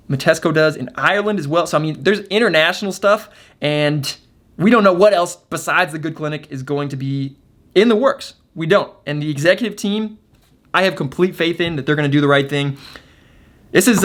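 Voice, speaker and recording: A man's voice: fairly high pitch, fairly bright tone. A man hosting a video, talking casually to his viewers in a chatty, upbeat way full of fillers. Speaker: video host. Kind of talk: casual talk to camera.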